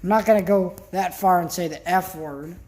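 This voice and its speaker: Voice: mid-range voice, normal speed, a little mellow. An upset vlogger talks straight to the camera in a loose, casual rant. The delivery is worked up and blunt, with mild swearing. Thoughts trail off into heavy sighs.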